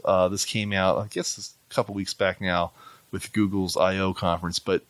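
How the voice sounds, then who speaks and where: Low-voiced man explaining tech casually. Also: flat delivery, moderate pace, no echo. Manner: explains at length with many fillers and restarts. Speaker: tech segment host. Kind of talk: casual radio-style chat.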